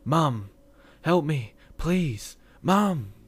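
Terrified young boy, pitched up and shouting, as a male narrator puts him on. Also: sing-song, very slow, husky, full character voice. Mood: panicked screaming. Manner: screaming, pleading. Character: frightened young boy, desperate.

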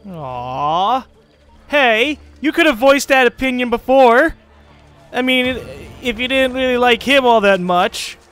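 A man's voice: extremely high pitch, lively intonation, slow, fairly bright tone, clean tone. A man giving casual commentary as he plays a video game, rambling, joking and swearing often. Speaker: let's play host.

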